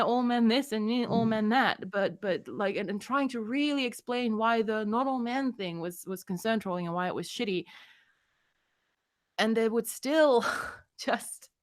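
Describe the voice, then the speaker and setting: A woman's voice: mid-range voice, a bit bright. A woman hosting a casual livestream chat, talking hesitantly with lots of fillers and restarts, blunt and a bit tipsy. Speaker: host.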